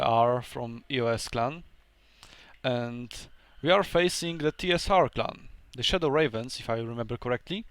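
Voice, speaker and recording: A man's voice: mid-range voice, fairly bright tone, clean tone, no echo. A man whose first language is Polish, casually commentating a strategy game battle, hesitant and thinking aloud with many fillers.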